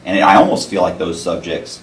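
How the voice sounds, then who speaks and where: A man with a very deep voice talks casually, in a wry, self-mocking way, and often lets his words trail off. He sounds distant from the mic, in a roomy space with echo. A low hiss runs underneath. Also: expressive, brisk. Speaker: interview host. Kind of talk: casual interview chat. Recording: echoey room, mic at a distance, faint noise.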